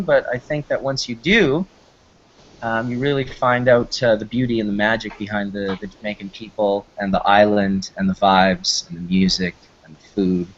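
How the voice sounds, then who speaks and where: A man hosting a casual talk show, telling stories in a rambling, enthusiastic way with frequent restarts. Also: mid-range voice. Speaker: host. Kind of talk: casual storytelling chat. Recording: slightly muffled lo-fi recording.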